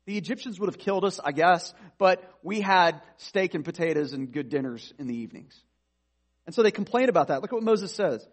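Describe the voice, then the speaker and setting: A man's voice: high-pitched, expressive, fairly quick. A man preaching a sermon to a congregation, talking directly to them and restarting his phrases as he thinks aloud. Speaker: pastor.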